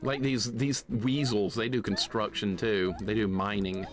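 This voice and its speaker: A man live-streaming a retro game, excitable and jokingly grumpy as he rants at his chat. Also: lowish voice, unhurried, faint music behind. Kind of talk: casual live-stream commentary.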